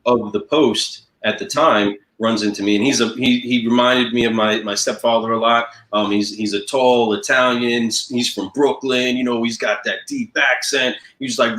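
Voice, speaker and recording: Animated storytelling man, echoey room. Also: mid-range voice, moderate pace, hardly any pauses. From New York. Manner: animated storyteller who acts out quoted people. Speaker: guest, car sales professional. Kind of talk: casual interview storytelling.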